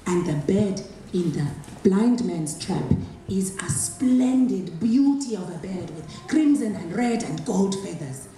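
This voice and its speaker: A woman tells a folktale live in rhythmic, expressive phrases. Her mellow voice comes from far off in a very echoey hall, with faint ambience behind her. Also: lowish voice, a little hiss or hum. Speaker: storyteller. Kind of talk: live oral storytelling.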